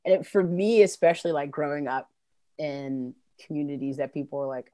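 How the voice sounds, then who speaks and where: Low-voiced woman, casual and profane. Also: brisk, dark tone, no room sound. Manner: loose, profane, heavy on fillers, laughs easily. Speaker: punk band musician. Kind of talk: casual interview chat.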